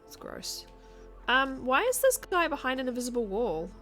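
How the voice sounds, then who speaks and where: A woman streaming a video game, chatting casually with her viewers and thinking out loud as she plays. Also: high voice, sing-song, moderate pace, faint music behind. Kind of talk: casual chat while playing a game.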